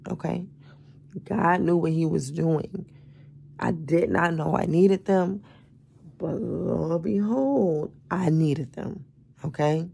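A woman's voice: on the low side, vocal fry, warm tone, slightly rough. A woman of thirty who has just woken up and sounds tired, chatting expressively in a casual vlog, calling her viewers y'all and baby. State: just woke up, tired and groggy. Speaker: vlogger. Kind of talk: casual morning vlog chat. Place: bedroom, lying in bed.

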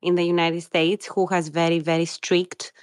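A middle-aged woman, a caller asking a question on a live audio chat and pausing often with ums and uhs. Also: on the low side, flat delivery, no echo, studio quality. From Greece. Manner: hesitant, many ums and uhs.

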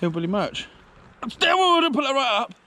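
A man on a mountain bike ride, laughing and swearing through pain in casual banter, yelping loudly. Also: extremely high pitch, very animated, fairly quick, slight background noise. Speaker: mountain biker. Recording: outdoor clip with group chatter.

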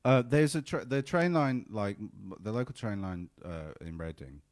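A man from England co-hosting a podcast, telling animated anecdotes in casual chat. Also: lowish voice, moderate pace, no room sound, clean studio sound. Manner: animated anecdote-teller, acts out quoted voices. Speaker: podcast co-host.

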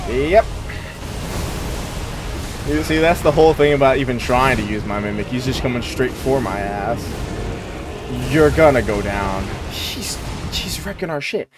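A young man swearing and commentating his gameplay in exasperation, yelling in panic at a boss. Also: medium pitch. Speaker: gaming streamer. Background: game music.

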